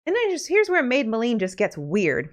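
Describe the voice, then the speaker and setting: A woman's voice: a little high, wildly swooping pitch, normal speed. Chatty woman retelling fairy tales. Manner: chatty, laughs between asides. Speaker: podcast host. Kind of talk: casual fairy-tale retelling.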